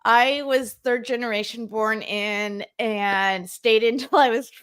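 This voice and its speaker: A woman's voice: a little high, fairly even intonation, measured pace, a bit bright, clean tone. A woman in her fifties in a casual livestream chat, laughing between her remarks. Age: 50s.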